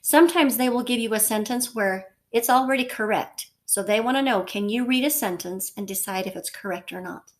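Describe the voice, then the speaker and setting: A woman's voice: on the high side, fairly quick, few pauses. A woman teacher giving a recorded lesson to her class, patient and repetitive, checking in often with the listener. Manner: patient, repeats points, frequent okay and so.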